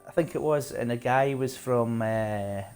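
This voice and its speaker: A man from Glasgow with a Scottish accent, chatting casually and warmly with viewers while he plays a game live. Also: mid-range voice, a little slow, clear, resonant tone, faint music behind. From Scotland, Glasgow. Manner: chatty, friendly, asks viewers questions, laughs often. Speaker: streamer.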